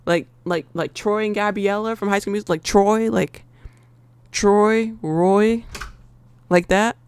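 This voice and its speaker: American woman streamer, relaxed playful chat with viewers, a little gravel in the voice. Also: medium pitch, moderate pace. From United States. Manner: playful, chatty, often laughing, talks straight to the chat. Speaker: live-stream trading host. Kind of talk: casual live-stream chat.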